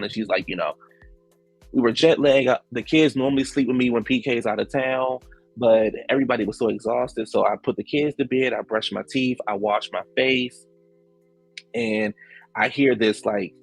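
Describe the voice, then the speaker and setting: A man giving casual, animated commentary as a reality show recap host, slangy, acting out the quotes. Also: medium pitch, vocal fry, breathy edge, dry recording.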